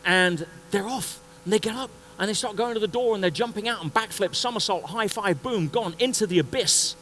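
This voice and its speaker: A man giving a motivational talk at a conference, telling a story in an animated way and acting out the scenes. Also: high-pitched, fairly quick, slight background noise, poor audio. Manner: animated, acts out scenes and voices. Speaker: conference speaker. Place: conference stage before an audience.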